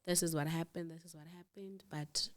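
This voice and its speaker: A woman telling a personal story as a guest, animated and acting out the quoted dialogue. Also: deep voice, fairly quick. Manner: animated, acts out quoted dialogue, laughs in disbelief.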